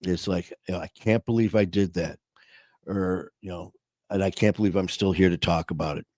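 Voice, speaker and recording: A man's voice: deep voice, steady tone, normal speed, a little mellow, no echo, clean studio sound. A man hosting a casual livestream chat. He rambles with lots of fillers and tells corny jokes. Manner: rambling, joking, many fillers. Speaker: livestream host.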